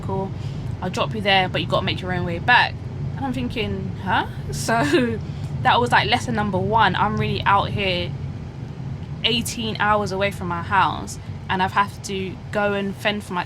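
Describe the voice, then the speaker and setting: A woman telling a lively story as a guest in a taxi, acting out the voices of the people she met. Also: mid-range voice, heavy background noise. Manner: animated, acts out quoted voices, says "innit". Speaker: guest passenger. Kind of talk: casual storytelling chat. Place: inside a taxi.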